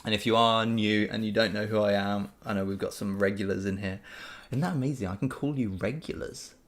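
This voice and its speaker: A man chats loosely through a live question-and-answer session, upbeat and easygoing. His voice sits fairly low with a gravelly edge, and he rambles, pausing on fillers and restarting sentences. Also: fairly even intonation. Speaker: channel host answering viewer questions. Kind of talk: casual live Q&A chat.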